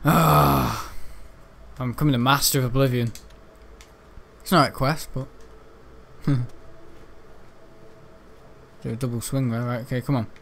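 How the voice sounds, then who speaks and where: Excitable man playing a game. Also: a little slow, creaky, long pauses, a little hiss or hum. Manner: excitable, bursts into high shouts and laughs at the game. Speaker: gameplay commentator. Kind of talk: casual gameplay commentary.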